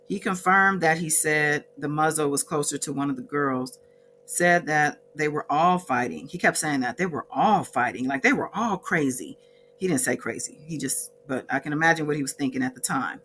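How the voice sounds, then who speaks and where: A woman's voice: low voice, moderate pace, a bit bright, soft background music. A woman vlogger casually recapping a court day from her notes, with chatty asides and frequent self-corrections.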